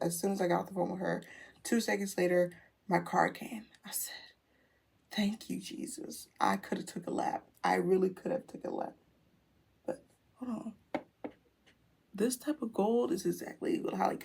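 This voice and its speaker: Slangy, animated woman storyteller. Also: mid-range voice, gravelly, a little hiss or hum. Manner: animated, slangy retelling with quoted voices. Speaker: beauty vlogger. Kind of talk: casual storytelling while doing makeup.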